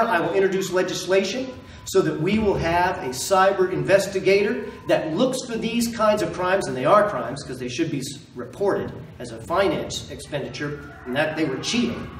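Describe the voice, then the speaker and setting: A man on the campaign trail speaks with emphatic, repeated phrases and a fairly high voice. He is recorded from across an echoey meeting room, with faint room noise behind him. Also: far from the mic. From Maine. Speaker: political candidate. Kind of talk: campaign stump speech.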